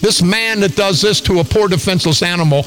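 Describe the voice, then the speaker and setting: A man's voice: high-pitched, a little fast, a bit bright, a little hiss or hum, low-quality recording. An older man hosting talk radio, delivering an angry, combative, repetitive rant.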